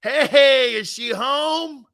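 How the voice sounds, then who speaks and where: A man doing a slow, pleading impression of a creepy old man from a horror film. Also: very high-pitched, gravelly, sharp tone, voice pushed up, heavily acted. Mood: eerie.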